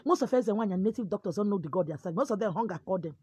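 Nigerian Igbo woman, husky higher voice, forceful preachy monologue in a dry close sound. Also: animated, racing, dry recording. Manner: forceful, preachy, switching between pidgin and Igbo. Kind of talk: animated monologue.

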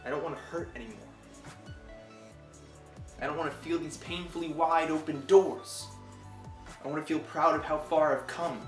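Guy doing spoken word poetry, intense, loud then quiet, echoey room. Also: fairly even intonation, normal speed, long pauses, soft background music. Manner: intense, swinging between loud outbursts and quiet low lines.

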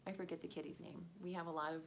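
A woman's voice: lowish voice, steady tone, racing. A woman teaching young children in a playful, sing-song way, chanting songs and acting out sounds. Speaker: home daycare teacher. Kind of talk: children's lesson with sung chants.

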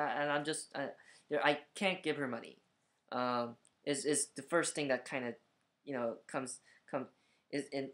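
A man's voice: mid-range voice, fairly bright tone. A man talking to camera in a reflective vlog, thinking aloud with frequent restarts and fillers. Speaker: vlogger.

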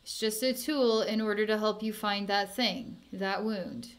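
Slow, soothing woman psychic healer. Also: medium pitch, fairly even intonation. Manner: soft, slow and soothing, with sighs and small laughs. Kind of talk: guided energy healing session.

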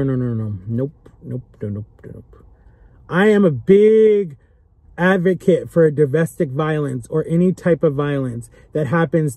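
In a dry recording, a young vlogger with a slightly high, warm voice makes an earnest appeal straight to camera. He's emotional and pleading throughout, repeating phrases to hammer them home.

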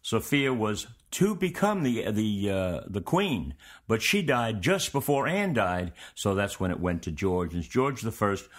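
A man with a fairly low voice hosts a show and teaches history in an easygoing, conversational way. His lecture wanders from point to point as he addresses his students directly. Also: measured pace. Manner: relaxed, meandering, conversational delivery.

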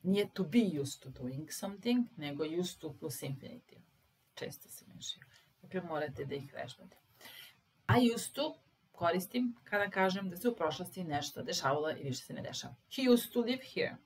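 A woman with a Serbian accent teaching English grammar, patiently stressing example sentences slowly. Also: on the low side, expressive, husky, low-quality recording.

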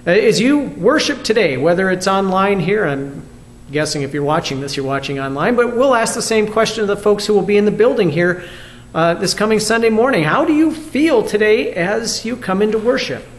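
Male pastor, high voice, reflective video sermon, asks the viewers questions. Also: lively intonation, a little fast. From United States. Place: church.

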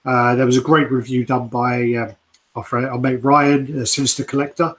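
Male co-host, casual and chatty, average pitch. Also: moderate pace. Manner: relaxed, swears casually, laughs often. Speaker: co-host of collectibles chat. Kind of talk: casual chat.

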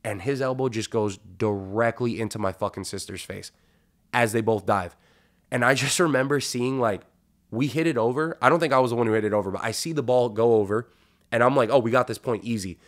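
A man hosting a podcast, telling a long story in a casual, profane, animated way and acting out what people said. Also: mid-range voice, brisk. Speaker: podcast host.

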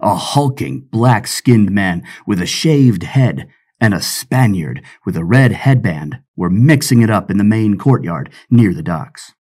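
A man narrating an adventure audiobook with expressive storytelling. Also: on the low side, measured pace, slightly rough.

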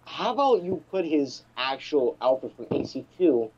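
A co-host on a casual gaming podcast, talking with animated exclamations. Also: mid-range voice, moderate pace, breathy edge, muffled recording.

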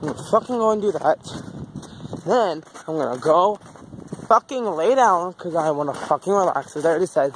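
A man's voice: on the high side, animated, brisk, low-quality recording. A man vlogging casually, rambling and frustrated and swearing constantly, filmed on a handheld phone. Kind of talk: casual vlog chat. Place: outdoors in the wind, then at home. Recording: wind noise outdoors.

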